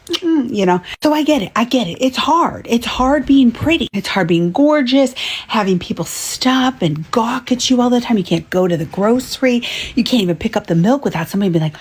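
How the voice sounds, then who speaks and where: A woman's voice: on the high side, lively intonation, a little fast, slightly rough. An older woman talking in a teasing, sarcastic tone, dropping into whispered asides. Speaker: commenter.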